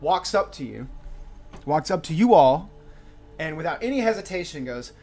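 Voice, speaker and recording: A man narrating a tabletop game as game master, relaxed with frequent fillers. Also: a little high, normal speed, long pauses.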